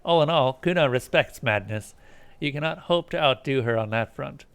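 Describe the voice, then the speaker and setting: A man streaming a video game, reading its narration aloud quietly and adding casual asides. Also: mid-range voice, expressive, normal speed, clear, resonant tone. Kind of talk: let's play, reading game text aloud.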